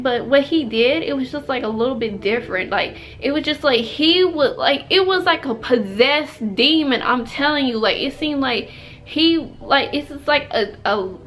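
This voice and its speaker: High-voiced young woman telling a story. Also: fairly bright tone. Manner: chatty, emphatic, heavy use of fillers. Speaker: vlogger. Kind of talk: storytime vlog.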